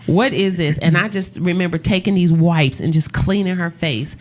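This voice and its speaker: A woman in casual radio talk, telling stories in a lively way, acting out quotes and laughing often. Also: fairly low pitch, normal speed. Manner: animated storyteller, acts out quotes, laughs often. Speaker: makeup artist for funerals.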